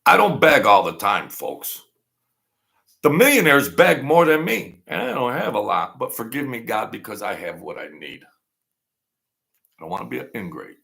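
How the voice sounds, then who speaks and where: A man's voice: mid-range voice, sing-song, unhurried, vocal fry, sharp tone. A man in his sixties hosting a livestream, chatting in a rambling, sentimental and jokey way. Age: 60s. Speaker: livestream host. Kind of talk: rambling casual livestream chat.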